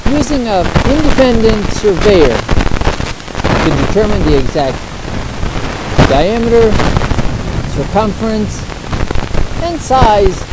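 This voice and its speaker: A man commentating live on an outdoor event, explaining each step in an unhurried way. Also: sits high, heavy background noise. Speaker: video narrator and commentator.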